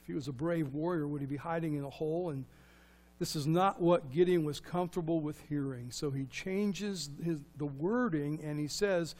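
A man preaching a sermon, animated and full of rhetorical questions, moving from loud to hushed. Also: fairly high pitch, normal speed. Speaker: pastor.

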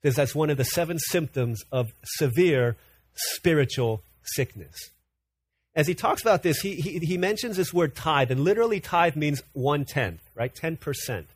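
A man's voice: on the high side, expressive, moderate pace, slightly rough. A man in his thirties, a pastor preaching an earnest, conversational sermon full of personal stories.

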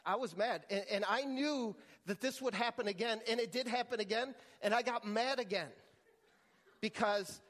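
A man's voice: very high-pitched, normal speed, a bit bright, in a large hall. A man preaching a sermon as pastor, telling a story with frequent restarts and repeated words.

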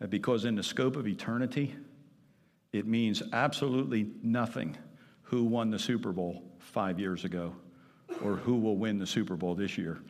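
At normal speed, a pastor with a fairly low, slightly mellow voice preaches emphatically in a church sanctuary, and the hall adds a long reverb. He repeats key phrases and puts questions to the congregation.

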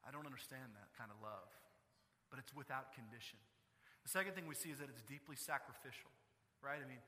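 A man preaching a sermon as pastor, impassioned, swinging from emphatic high peaks down to quiet, intimate stretches. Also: expressive, normal speed. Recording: reverberant hall.

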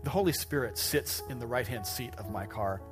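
Pastor, preaching a sermon, mid-pitched, self-deprecating humour with animated asides, clear music playing behind. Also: male voice, brisk. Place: church stage before a congregation.

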